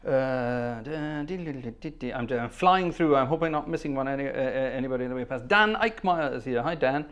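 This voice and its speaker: A man's voice: medium pitch, lively intonation, brisk, fairly bright tone, clear, resonant tone, muffled recording. A man hosting a livestream organ concert, greeting viewers one by one in casual chat and humming between names. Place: at the organ console.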